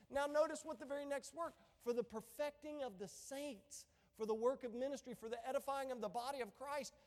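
A middle-aged man preaching an impassioned sermon as pastor, rising to shouts. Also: extremely high pitch. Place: church sanctuary. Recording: echoey church hall.

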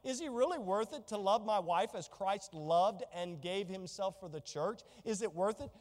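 A woman's voice: mid-range voice, expressive, moderate pace, darkish tone, in a large hall. A woman preaching a sermon with fervor, piling up rhetorical questions. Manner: fervent, stacked rhetorical questions.

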